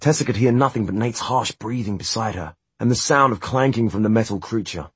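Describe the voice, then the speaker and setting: A man narrating a novel as an audiobook in a steady, measured reading. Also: lowish voice, husky, no room sound. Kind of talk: scripted narration.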